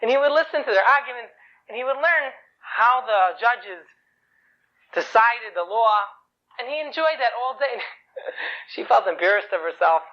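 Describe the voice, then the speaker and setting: A man's voice: very high voice, animated, unhurried, pauses often. A man telling an inspirational story in a chatty way, often asking rhetorical questions. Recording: dull lo-fi recording.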